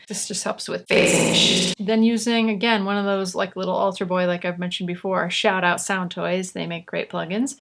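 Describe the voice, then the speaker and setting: A young woman explaining how she records and layers vocals, in a chatty, relaxed way with asides. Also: mid-range voice. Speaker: vocal producer teaching. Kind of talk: casual tutorial explanation.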